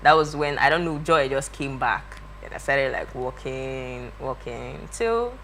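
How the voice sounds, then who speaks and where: A young woman, a guest telling a story in a lively way and acting out the voices of the people in it. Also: extremely low pitch, unhurried, slight background noise. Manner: lively, acts out quoted voices. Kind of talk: animated storytelling.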